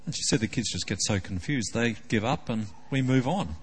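A man's voice: medium pitch, normal speed, big-room sound. A man preaching a sermon as pastor, playful and full of teasing rhetorical questions.

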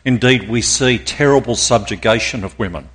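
A man's voice: mid-range voice, normal speed, noisy background. A man preaching a sermon in a church auditorium, rousing and drawing in the congregation. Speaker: pastor.

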